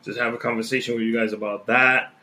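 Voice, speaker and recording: A man co-hosting a podcast, chatting casually and getting animated as he tells his stories. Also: medium pitch, fast talker. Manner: excited, talks over others. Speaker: podcast co-host. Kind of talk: casual chat. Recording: echoey room.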